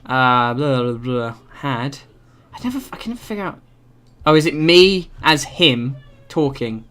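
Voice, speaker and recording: Bright-voiced gaming commentator. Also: male voice, mid-range voice, expressive, unhurried, clear, resonant tone. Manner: rambling, self-mocking, jokey. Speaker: let's play host. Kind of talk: casual game commentary.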